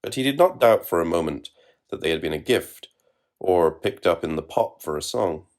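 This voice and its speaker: A man narrating literary fiction in a measured, wry reading. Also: sits low, animated, a little mellow.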